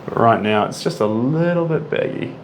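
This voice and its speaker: A man's voice: medium pitch, expressive, normal speed, slight background noise. A man painting on a live stream, humming to himself and chatting with viewers as he answers their comments. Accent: non-American English, rolled R. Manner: chatty, hums and sings to himself, reads out and answers chat comments. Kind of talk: casual live-stream chat while painting.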